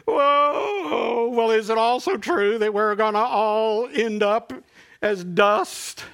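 A man's voice: slow pace, vocal fry, a bit bright, clean tone, heavily acted. Man doing a frightened crying little boy. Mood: worried. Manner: high wailing childlike voice. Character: crying little boy, scared and wide-eyed.

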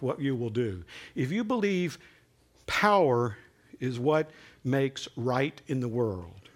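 Animated male preacher. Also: a little high. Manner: animated and conversational, rising to emphatic peaks. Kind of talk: sermon.

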